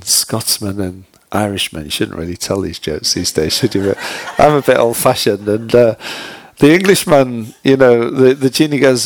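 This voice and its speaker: A man with a lowish voice and no room sound preaches a conversational, story-driven sermon, full of "you know"s and direct questions to listeners. He retells a joke in a relaxed way.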